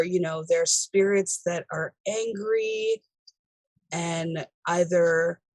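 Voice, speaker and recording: A woman's voice: lowish voice, slightly rough, dry recording, poor audio. A woman player in a tabletop game, musing aloud through her character's reasoning.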